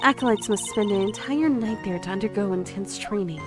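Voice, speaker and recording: A woman voicing a boastful, bubbly elderly head nun, reading her lines loudly over game music. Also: medium pitch, brisk, natural voice. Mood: explaining.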